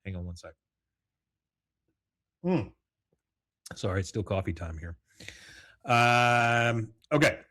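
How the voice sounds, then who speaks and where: A man's voice: lowish voice, lively intonation, slow, pauses often, a bit bright. A middle-aged man hosting a solo podcast, recapping a cartoon episode in a rambling, casual way with chuckling asides. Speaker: podcast host. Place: home, with morning coffee.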